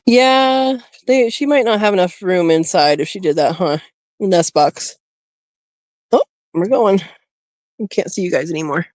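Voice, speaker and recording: A woman's lowish, darkish voice comes through animated yet measured, with frequent pauses, in a dry studio-quality recording. Hosting a homesteading livestream on her phone outdoors by a rabbit hutch, she chats casually, talks sweetly and coos to her rabbit, and often laughs.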